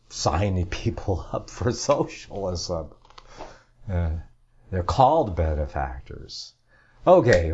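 A man's voice: low voice, a little mellow, husky. A man hosting a talk show, rambling through the news with casual, sarcastic asides. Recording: dull lo-fi audio.

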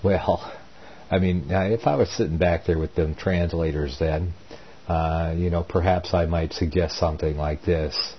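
A man's voice: extremely low pitch, fairly even intonation, moderate pace, slight background noise. A man hosting a Bible reading show, reading old scripture aloud and explaining it in a rambling, folksy way with many self-corrections. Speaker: Bible teacher, host. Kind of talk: informal Bible reading and commentary. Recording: dull lo-fi recording.

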